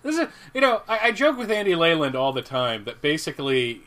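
A man's voice: fairly high pitch, sing-song, fairly quick, fairly bright tone. An American man in his forties, co-hosting a podcast, chatting loosely about comics with lots of restarts and chuckles. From United States. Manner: rambling, many restarts, chuckles at his own jokes. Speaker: podcast co-host. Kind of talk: casual chat about comics.

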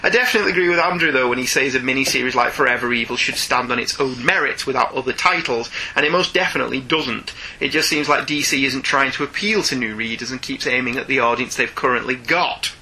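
A man's voice: medium pitch, quick pace, sharp tone, slight background noise, low-quality recording. A man from Ireland with a sore throat, co-hosting a podcast and reading listener emails aloud in casual chat, laughing often as he goes.

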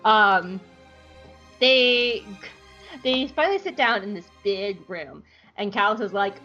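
A woman co-hosting a podcast, recapping an episode in a lively, joking way and briefly mimicking the characters. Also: medium pitch, takes it slowly, pauses often, lo-fi sound, soft background music. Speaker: podcast co-host.

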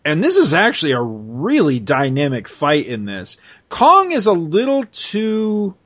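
A man talking casually as a podcast co-host, walking a listener through a story scene by scene. He sits a little high for a man and keeps an animated, easygoing flow, laughing often along the way. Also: unhurried. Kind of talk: casual chat.

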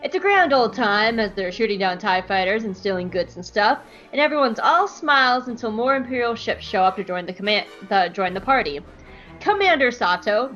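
A woman's voice: fairly high pitch, a bit bright, highs cut off. A woman hosting a podcast who recaps an episode in a playful, giggly, casual way. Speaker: podcast host.

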